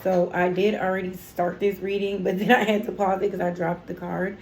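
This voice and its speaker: A woman's voice: mid-range voice, flat delivery, a little fast, a little mellow, echoey room, slight background noise, rough recording. A woman giving a casual tarot reading on her channel, talking in an emotional, chatty way with lots of fillers, teary as she goes. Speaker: tarot reader.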